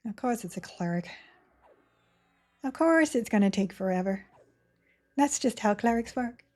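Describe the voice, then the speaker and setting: Slow-talking giggly woman streamer. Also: a little high, expressive, a little mellow. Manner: chatty, giggly, reads chat aloud. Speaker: game streamer. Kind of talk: casual live-stream chat while playing.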